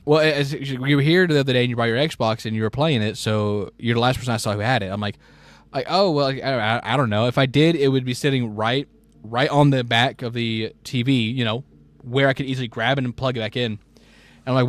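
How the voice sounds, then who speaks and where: A man's voice: mid-range voice, fairly quick, dry recording. A young man co-hosting a casual chat, telling a long story in a rambling way with many restarts and acting out the people he quotes. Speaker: podcast co-host.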